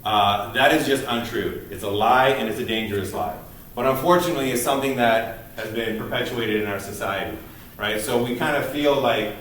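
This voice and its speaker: A man's voice: medium pitch, normal speed, a bit bright, slight background noise. A man giving a recorded university lecture, speaking earnestly and emphatically with frequent restarts. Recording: distant mic in an echoey room.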